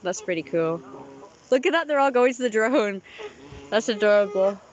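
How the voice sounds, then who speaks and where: A woman's voice: medium pitch, animated, normal speed, lo-fi sound. A young woman chatting casually in a vlog outdoors by a pond, giggly and talking to the ducks. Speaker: vlogger.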